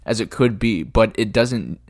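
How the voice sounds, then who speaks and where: A man's voice: fairly low pitch, a little slow, darkish tone, no room sound, studio quality. A man co-hosting a podcast, chatting casually and enthusiastically about a favorite film. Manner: enthusiastic, quotes movie lines with light laughter. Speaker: podcast co-host.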